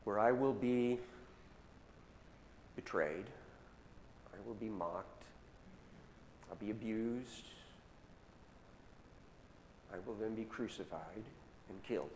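A man's voice: on the low side, a little mellow. Man preaching in an echoey hall. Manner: retells scripture in casual modern words, slowing for emphasis. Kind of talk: sermon storytelling. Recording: echoey hall with long reverb, faint noise.

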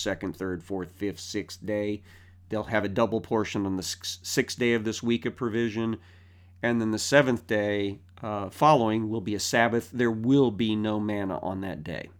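A man teaching through a Bible passage verse by verse, explaining in a thoughtful way with frequent fillers. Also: medium pitch.

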